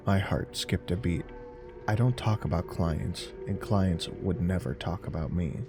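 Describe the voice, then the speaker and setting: Deep gravelly man narrating horror. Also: measured pace. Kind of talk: scripted horror story narration. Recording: narration over faint music.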